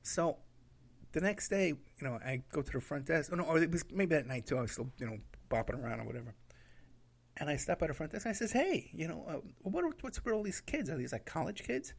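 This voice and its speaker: A man's voice: on the high side, expressive, brisk, vocal fry. A man telling a rambling road trip story in a casual way, laughing at his own anecdotes and acting out what people said.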